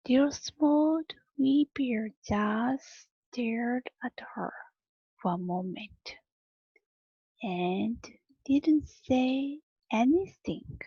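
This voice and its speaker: A woman teacher reads a storybook aloud very slowly, pausing often. Her voice is husky and gravelly and sits a little high. The recording is dry and dull. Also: no room sound. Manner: slow, deliberate reading with drawn-out pauses. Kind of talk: reading a storybook aloud to children.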